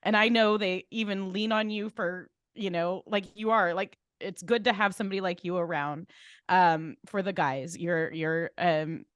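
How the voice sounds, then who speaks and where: A woman's voice: fairly low pitch, fairly even intonation, normal speed, a bit bright, clean tone, no room sound, clean studio sound. A woman co-hosting a podcast, gushing and rambling with lots of fillers. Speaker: podcast co-host. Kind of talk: casual chat.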